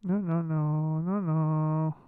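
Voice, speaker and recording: A man live-streaming casually, talking to himself in a flustered way as he fiddles with his software. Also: fairly high pitch, steady tone, slow, smooth, no echo, phone-quality sound.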